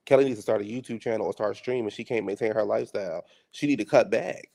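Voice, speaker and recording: Low-voiced man with vocal fry, casual sassy reaction commentary. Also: quick pace, warm tone. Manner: sassy, teasing.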